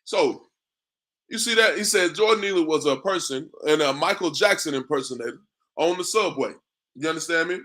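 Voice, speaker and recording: A man gives a street sermon in a bright, slightly high voice. His talk is loose and repetitive, full of "man" and "bro". He keeps checking in with his listeners. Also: expressive, fairly quick. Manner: repetitive, asks "you understand me?" often; conversational, drops in "man" and "bro". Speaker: street preacher.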